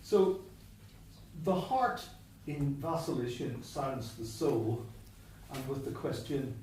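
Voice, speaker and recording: Slow and a little mellow, with lively intonation at medium pitch, a man lectures on poetry while thinking aloud, wandering into asides, interrupting himself and restarting. The distant mic leaves it echoey in a church hall, with a touch of hiss or hum.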